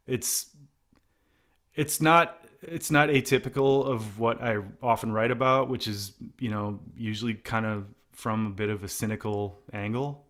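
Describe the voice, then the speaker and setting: A middle-aged man, singer in a band, talking casually in an interview, rambling with many restarts and fillers. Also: lowish voice. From United States. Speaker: singer of a post-hardcore band.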